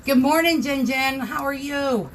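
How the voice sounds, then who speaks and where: A woman's voice: high-pitched, normal speed, a little hiss or hum. A woman hosting a casual craft tutorial livestream from her home craft room, chatting and greeting viewers by name.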